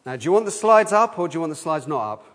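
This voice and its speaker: Lively man leading a church children's talk. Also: a little high, fast talker. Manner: lively, asks the room questions and leads call-and-response. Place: church hall. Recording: long hall reverb.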